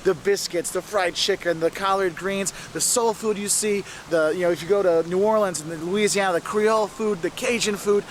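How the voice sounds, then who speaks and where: An enthusiastic man with a fairly high voice presents a travel video. He talks straight to the camera outdoors on a city street, with faint traffic noise behind him. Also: fairly even intonation, normal speed, few pauses.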